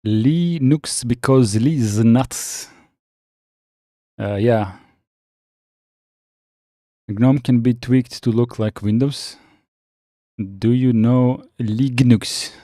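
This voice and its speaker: Man, live-stream chat, halting with restarts, dry close sound, unhurried delivery. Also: mid-range voice, fairly even intonation, warm tone, no room sound. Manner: halting, many fillers and restarts, reads chat aloud. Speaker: live streamer chatting with viewers.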